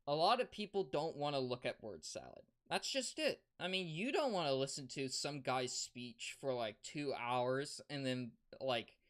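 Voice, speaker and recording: A streamer giving casual advice on a livestream, rambling and halting, with many restarts and fillers. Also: mid-range voice, lively intonation, fairly bright tone.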